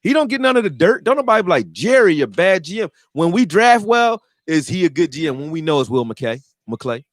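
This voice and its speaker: This is a fan commentator who makes football videos, delivering an animated, profane sports rant and acting out quotes. His high-pitched voice moves briskly. The recording is studio quality with no room sound.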